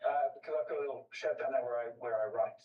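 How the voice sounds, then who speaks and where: A man guest on a panel show, telling an odd story in a halting, deadpan way. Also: medium pitch, distant mic. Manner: halting, pausing over words. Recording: dull, roomy studio sound from afar.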